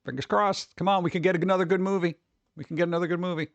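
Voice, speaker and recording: A man in his forties hosting a stream, talking in a loose, rambling way with wry asides and muttered reactions. His voice sits a little high for a man and sounds close and dry, with no room around it. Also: fairly even intonation, very fast, gravelly, no room sound, lo-fi sound. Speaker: streamer host. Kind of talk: casual rambling commentary.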